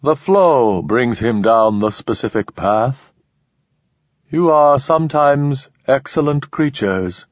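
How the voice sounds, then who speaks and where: Man doing a slow, cold alien voice. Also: mid-range voice, lively intonation, no room sound, voice pushed up. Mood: cold, formal. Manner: slow, measured and formal. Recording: slightly dull lo-fi recording.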